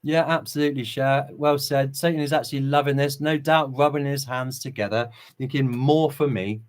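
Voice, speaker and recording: A man's voice: mid-range voice, steady tone, a little fast. A middle-aged man hosting a casual livestream, greeting chat viewers and preaching with passion and short chuckles. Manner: impassioned, preachy, chuckles between remarks. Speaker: livestream host.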